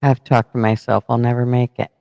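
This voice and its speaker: A man's voice: mid-range voice, flat delivery, a little fast, creaky, darkish tone, no echo, poor audio. A man hosting a casual livestream, rambling to himself while he fumbles with the setup, blunt and profane as he scolds his chat in jest. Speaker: livestream host.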